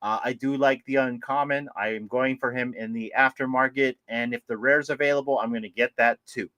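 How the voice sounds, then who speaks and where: A man co-hosting a casual livestream about collectibles, animated and laughing often as he greets viewers by name. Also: mid-range voice, fairly quick, no room sound. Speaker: livestream co-host.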